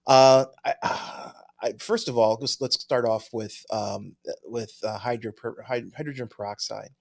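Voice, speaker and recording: A man's voice: medium pitch, steady tone, measured pace, vocal fry. A man co-hosting a podcast in casual chat, easygoing, thinking aloud and chuckling often as he reads viewer mail. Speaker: podcast co-host.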